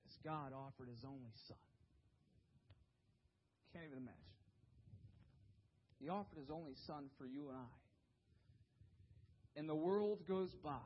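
A man preaching a sermon, telling a story dramatically, dropping to hushed low tones and then rising to shouts. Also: a little slow, long pauses. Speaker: pastor. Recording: dull lo-fi recording.

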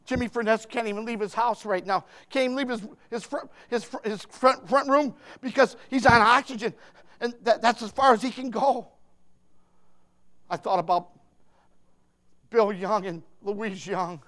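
A high-pitched man preaching a sermon in a church. He talks from the heart, repeats himself for emphasis, and swings from loud shouting to a soft hush. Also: lively intonation, normal speed, pauses often. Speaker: pastor.

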